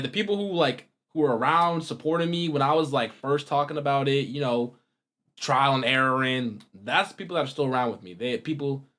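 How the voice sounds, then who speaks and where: Slangy young man chatting loud and soft. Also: medium pitch. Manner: rambling, slangy, animated with wide swings in loudness. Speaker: reaction video host. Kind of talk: casual chat to viewers.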